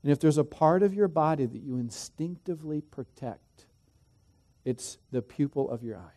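A middle-aged man preaches a sermon in a mellow, slightly high voice. He leans hard on key phrases, then drops to quiet, conversational asides with the congregation. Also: expressive, moderate pace. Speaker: pastor.

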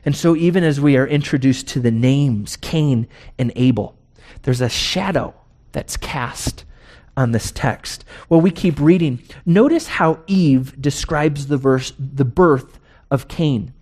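A man preaching a sermon as pastor, emphatic, posing rhetorical questions and slowing down to stress key words. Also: mid-range voice, a little mellow.

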